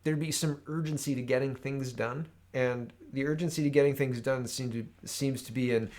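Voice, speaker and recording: A man talking through political headlines on his own show. His voice sits at an ordinary middle pitch, and his delivery is sarcastic and conversational, with many asides to the listener. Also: steady tone, normal speed, a little mellow. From Canada. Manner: sarcastic, reads headlines aloud, frequent "right?". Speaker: political commentary host. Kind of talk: solo political commentary.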